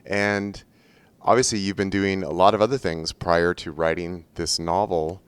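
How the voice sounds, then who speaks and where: A man in his forties from the United States, hosting a podcast in an easygoing, chatty way with frequent filler pauses. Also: low-pitched, steady tone, smooth. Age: 40s. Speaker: podcast host. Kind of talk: casual podcast talk.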